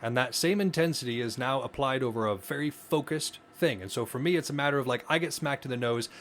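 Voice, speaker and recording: A man's voice: medium pitch, quick pace, fairly bright tone, slight background noise. A man co-hosting a podcast, explaining ideas earnestly in casual conversation, often restarting his phrases. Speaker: podcast co-host.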